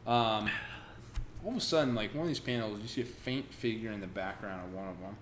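A man casually recapping a comic book with friends, acting out characters in quick bursts. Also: fairly low pitch. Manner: animated retelling, acts out characters in quick bursts. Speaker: podcast co-host recapping a comic. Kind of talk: casual chat. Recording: roomy sound with faint noise.

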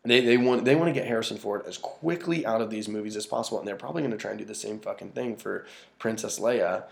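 A man's voice: lowish voice, fast talker, vocal fry. A man ranting casually and profanely about a movie he disliked, exasperated and often restarting his sentences. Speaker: movie reviewer. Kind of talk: casual film rant.

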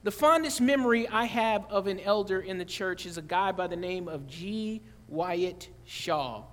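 A man's voice: high voice, unhurried. A man preaching a sermon, conversational and joking, often asking the congregation questions. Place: church sanctuary. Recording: long church-hall reverb.

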